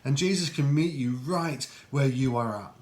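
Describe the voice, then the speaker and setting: A man with a mid-range voice talks earnestly in a casual devotional style. He speaks in a reflective, personal way, often pausing with ums and restarting his sentences. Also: mid-range voice. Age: adult. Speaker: Christian video host.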